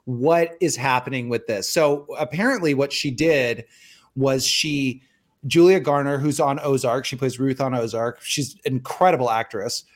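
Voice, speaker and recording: A young man co-hosts a casual podcast, chatting and joking with many restarts and bursts of laughter. His voice sits at a medium pitch and moves at normal speed.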